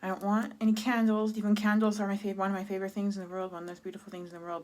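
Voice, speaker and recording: A woman in her thirties from Canada speaks in a confessional vlog, halting and candid, full of restarts and fillers. She sounds sad and close to tears, her voice sitting at an ordinary middle pitch. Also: flat delivery, darkish tone. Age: 30s. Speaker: vlogger.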